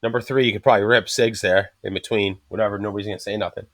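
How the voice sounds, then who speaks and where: A man's voice: fairly low pitch, racing, dry recording. A man hosting a casual podcast chat, swearing constantly and acting out the people in his stories as he tells them. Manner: swears constantly, animated storyteller acting out quotes. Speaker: podcast host.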